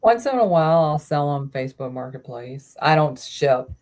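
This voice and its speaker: A woman chatting as a guest reseller on a live stream, relaxed and quick with short agreeing replies. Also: deep voice. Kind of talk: casual live-stream chat.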